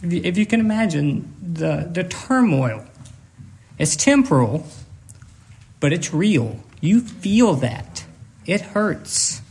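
Earnest high-voiced male preacher. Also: expressive. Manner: emotional, close to tears at times, earnest; halting, repeats words. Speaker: pastor. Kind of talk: sermon.

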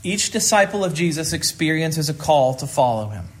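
A man's voice: a little high, big pitch swings, normal speed. A man from rural Kansas preaching a sermon as pastor, earnest and repeating phrases for emphasis.

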